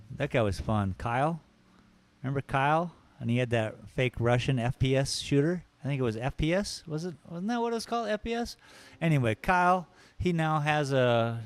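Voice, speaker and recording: A man hosting a live drawing stream, chatting casually and rambling between jokes. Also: mid-range voice. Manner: laid-back, rambling, joking.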